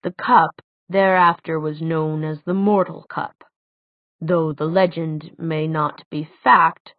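A woman reading the part of an older male tutor, speaking quietly, slowly and deliberately, grave and measured. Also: low voice, fairly even intonation, dry recording. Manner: quiet, slow, deliberate speech. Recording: dry, tinny phone-like sound.

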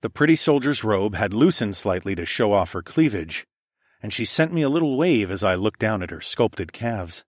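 Steady and measured, an audiobook narrator with a fairly low male voice reads a story in the first person. The sound is a close, dry studio capture, with no room sound at all.

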